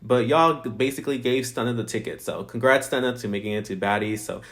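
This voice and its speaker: A man's voice: fairly low pitch, fast talker, a bit bright. A man giving a casual, rambling reality TV review, full of "um" and "like" as he talks to his viewers. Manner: rambling, filler-heavy, chatty.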